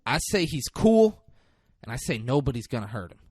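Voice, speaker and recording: Guy doing a slick menacing older cop, low and quiet and coaxing, lively pitch, dry close mic. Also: brisk, husky, no room sound. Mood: coolly menacing. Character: calm menacing male veteran cop, smooth talker.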